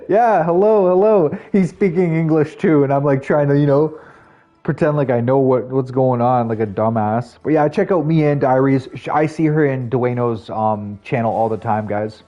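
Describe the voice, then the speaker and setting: A young man live streaming and chatting casually with viewers, rambling, laughing at himself and jumping into high voices for quotes. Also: moderate pace, dull audio. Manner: rambling, self-mocking, laughs often, jumps pitch for quoted voices.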